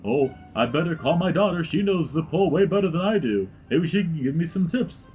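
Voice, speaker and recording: A man's voice: high-pitched, sing-song, fast, darkish tone, faint music behind, voice pushed up. A man voicing a panicky older carnival barker who is a fussy father, talking in a fretful, whiny, raised voice.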